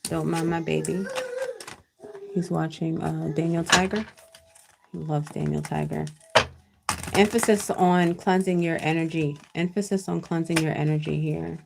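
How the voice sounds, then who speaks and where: Woman tarot reader on a home livestream: low, gravelly voice, loose and chatty, keeps asking "okay?". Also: fairly even intonation, measured pace, pauses often, noisy background. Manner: chatty, frequent "okay?" checks with viewers, casual cussing. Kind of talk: casual live tarot reading. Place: at home with her child nearby. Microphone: computer.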